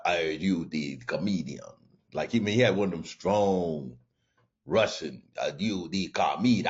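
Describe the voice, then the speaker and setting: Comedian guy rambling through a road story, pitch all over the place, kinda dull lo-fi sound. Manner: animated, jumps into high voices for quoted people, frequent restarts. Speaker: comedian and podcast host. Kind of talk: casual storytelling monologue.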